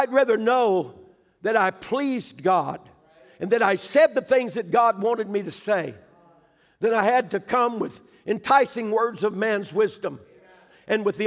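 In a church, an older man with a high-pitched voice preaches a fervent sermon, alternating between shouted pleas and hushed storytelling. A long reverb tail trails his words.

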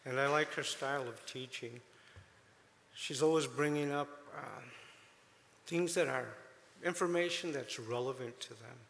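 A man speaks informally to a congregation in an emotional, chatty way, joking gently between fillers. His voice is bright with a gravelly fry. The sound carries a long church-hall reverb over faint room noise. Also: mid-range voice, unhurried, pauses often.

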